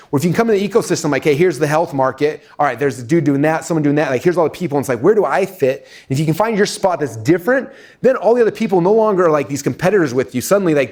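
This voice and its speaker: Fast-talking casual American man. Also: a little high. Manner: fast, casual, full of "like" and "right?". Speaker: speaker teaching marketing to an audience. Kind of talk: live seminar talk.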